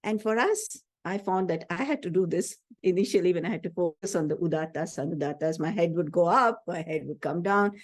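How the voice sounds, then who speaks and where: A woman's voice: on the low side, a little fast, few pauses, no room sound. Earnest woman teaching chant. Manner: earnest, explanatory, checks in with "hmm?". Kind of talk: spiritual lecture on chanting.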